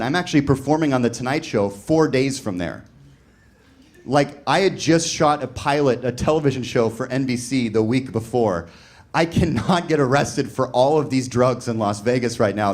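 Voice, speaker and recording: A man's voice: mid-range voice, a little mellow. A man doing stand-up comedy, telling a long story in a loose, conversational way full of "like" and acted-out quotes, with audience laughter behind him. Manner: conversational, rambling with lots of "like", voices other people in quotes. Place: comedy venue with a live audience.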